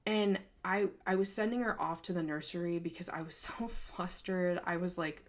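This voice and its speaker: A woman's voice: lowish voice, steady tone, moderate pace, hardly any pauses. A young woman hosting a podcast, telling a personal story in a candid, emotional way, with many fillers. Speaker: podcast host.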